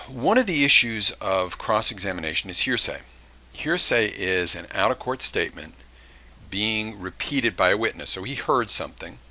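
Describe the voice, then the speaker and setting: A man's voice: deep voice, pushed and bright. A man teaching criminal justice in a recorded lecture, talking casually and acting out short examples. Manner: conversational, with acted-out examples and asides.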